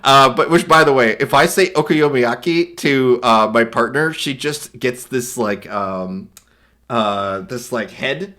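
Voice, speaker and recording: A young man streaming, casually reacting to viewer art and reading its captions aloud, laughing often and slipping into quick silly voices. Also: medium pitch, sharp tone.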